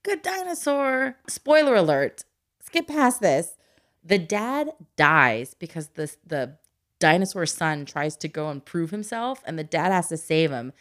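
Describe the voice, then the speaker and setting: Woman, adoptive mom, podcast host, expressive storyteller with a lively, swooping pitch. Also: a little slow. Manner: animated storyteller who acts out quotes in exaggerated voices and laughs often. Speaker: adoptive mother. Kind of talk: casual chat.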